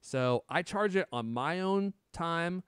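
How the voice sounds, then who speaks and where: A man's voice: a little high, lively intonation, slow, fairly bright tone, clear, resonant tone, no echo, clean studio sound. A man in his thirties co-hosting a casual tech chat, joking and laughing often. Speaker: podcast co-host.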